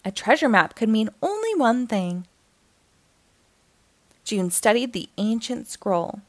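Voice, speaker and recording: A woman reading a children's picture book aloud as a storytime host, in an animated, expressive way. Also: a little high, slow pace, long pauses.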